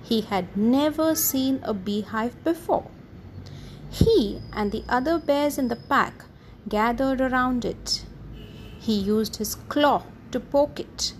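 A woman reading a children's story aloud in an expressive, sing-song manner. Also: fairly high pitch, slow pace, a little hiss or hum, low-quality recording.

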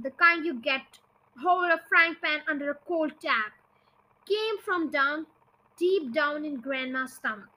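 Very high-voiced woman reading a story. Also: rough recording. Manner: expressive read-aloud, slows for suspense. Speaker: podcast storyteller.

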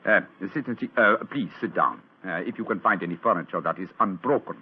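An actor playing a detective who puts on a German accent to pose as a count, with stiff, exaggerated formal courtesy, in a 1940s radio drama. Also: male voice, on the low side, quick pace, slightly rough, voice pushed down. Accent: put-on German. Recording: tinny old radio broadcast.

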